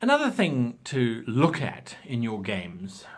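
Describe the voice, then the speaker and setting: A man's voice: mid-range voice, slow, husky. A man giving game-master tips in a casual, opinionated talk, acting out examples as he goes. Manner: animated, opinionated, acts out examples.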